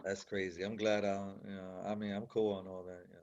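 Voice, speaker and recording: A man's voice: low voice, little pitch movement, brisk, darkish tone, dull audio. A man hosting a casual chat, laid-back and slangy, who ends many lines with "yo".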